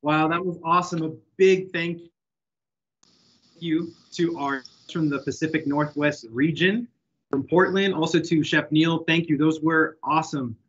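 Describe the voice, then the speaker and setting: A man's voice: a little high, steady tone, measured pace, a bit bright, husky, highs cut off. A man hosting a corporate webinar in a friendly, loose way with many fillers. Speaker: host.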